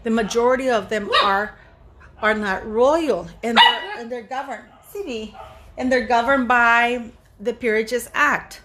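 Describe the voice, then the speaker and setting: Woman, channel host, casual commentary, emphatic, repeats herself, slightly high pitch. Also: unhurried, very noisy. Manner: emphatic, stresses words and repeats points.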